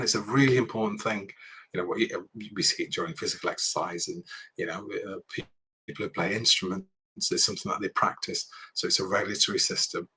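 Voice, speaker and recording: A man delivers a public speaking workshop to students in a lecture room. His voice is bright and a little husky, and he talks in a loose, conversational way, often checking in with "okay" and restarting his sentences. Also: fairly low pitch. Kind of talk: university workshop talk.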